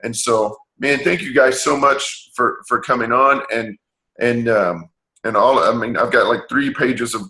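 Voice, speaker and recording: A man's voice: mid-range voice, measured pace, bright, forceful tone, reverberant, poor audio. A man hosting a team call, giving motivational talk with many fillers and restarts.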